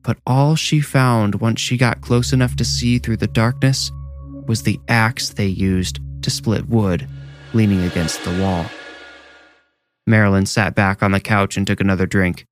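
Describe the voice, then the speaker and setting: A man with a low voice reads a horror story in a slow, measured way. Faint music plays softly under his scripted narration. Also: fairly even intonation.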